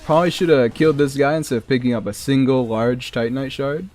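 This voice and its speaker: A man's voice: medium pitch, fairly even intonation, fast, darkish tone. A man streaming a modded game, chatting with his viewers and joking as he plays. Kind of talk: casual gameplay commentary.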